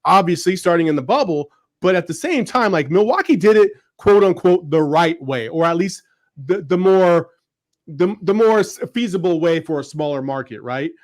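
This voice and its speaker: A man co-hosting a casual sports podcast, arguing his point in an animated way with many fillers. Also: high voice, normal speed. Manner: animated, argumentative, filler-heavy. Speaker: podcast co-host.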